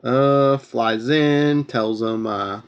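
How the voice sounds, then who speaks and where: Male podcast host, casual rambling recap, mid-pitched, filler-heavy. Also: drawn-out words, clear, resonant tone, dull audio. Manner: rambling retelling with many fillers. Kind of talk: casual comic book recap.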